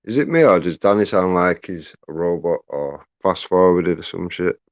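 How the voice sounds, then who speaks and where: A man's voice: low-pitched, normal speed, dry recording, dull audio. A man co-hosting a live stream, blunt and mocking. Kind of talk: heated live stream confrontation.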